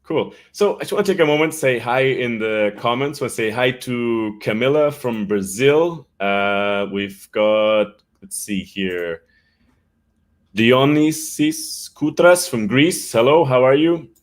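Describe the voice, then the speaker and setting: A man's voice: mid-range voice, slow. An Irish man hosting a casual live-stream chat for English learners, greeting viewers by name and laughing often. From Ireland.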